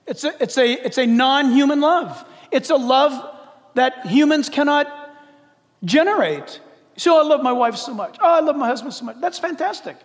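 A man preaching a sermon as pastor, in a lively conversational way with acted asides. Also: extremely high pitch, normal speed, big-room sound.

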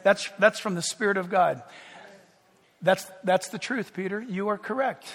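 A male pastor preaches in a high, bright voice that carries through a reverberant church hall. He is animated, raising his voice to act out shouting crowds and joking with the congregation. The sound has a long echo from the sanctuary. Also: normal speed. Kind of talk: sermon.

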